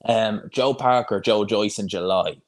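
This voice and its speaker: Man, young, casual live-stream chat, rambling, fairly low voice. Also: a little slow. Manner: chatty, rambling, frequent restarts and fillers. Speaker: boxing YouTuber hosting a live watch-along.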